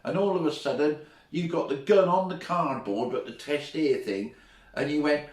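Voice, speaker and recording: A middle-aged man recalling old school stories in a chatty, laughing way. He keeps his voice at an ordinary middle pitch. The sound is roomy and comes from some distance away from the mic. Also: moderate pace. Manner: chatty, laughs often while telling anecdotes. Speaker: former teacher, guest. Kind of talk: casual storytelling.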